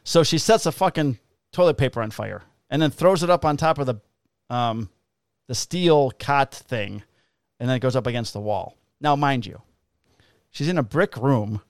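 A man who works as a police officer tells a rowdy story from the job in casual conversation. His voice is smooth and clear and sits at a middle pitch, recorded close and dry. He swears freely and slips into the voices of the people in the story. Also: normal speed, no echo. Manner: profane, animated, acts out voices in quotes.

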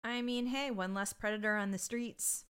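A woman's voice: medium pitch, steady tone, normal speed, fairly bright tone, clean tone. A woman co-hosting a podcast, chatting casually, swearing and acting out quotes from episodes. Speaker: podcast co-host. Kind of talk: casual chat.

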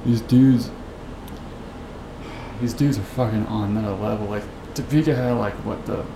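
A man's voice: lowish voice, normal speed. A man hosting a podcast and telling a story as a profane, rambling, incredulous rant. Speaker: podcast host. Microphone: podcast mic. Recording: echoey room with background noise.

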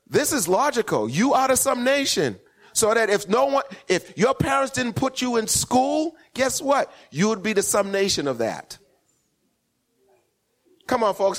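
A man preaching a sermon to his congregation, his voice sitting a little high for a man. He works in call-and-response, swinging up to emphatic peaks and then dropping back down. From West Indian parents. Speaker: pastor.

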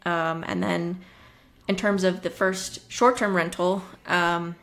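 Chatty woman guest, lowish voice. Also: steady tone, takes it slowly, creaky, fairly bright tone. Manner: chatty, frequent fillers and restarts. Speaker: podcast guest. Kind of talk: conversational interview storytelling.

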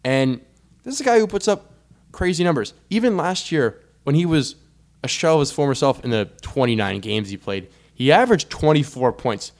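Animated young man talking sports. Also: fairly high pitch, normal speed. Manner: animated, laughing, trailing off into asides. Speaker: podcast co-host. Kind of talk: casual sports chat.

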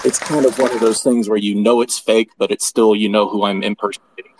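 A man's voice: lowish voice, expressive, moderate pace, some chatter behind, slight background noise, rough recording. Hesitant self-deprecating man, casual chat. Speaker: guest speaker. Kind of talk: casual chat in an online audio room.

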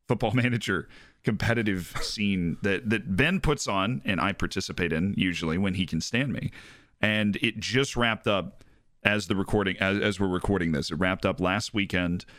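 A man's voice: lowish voice, fairly bright tone, no room sound, clean studio sound. A man co-hosting a casual podcast, teasing his co-host and poking fun at himself. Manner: jokey, teasing, self-deprecating.

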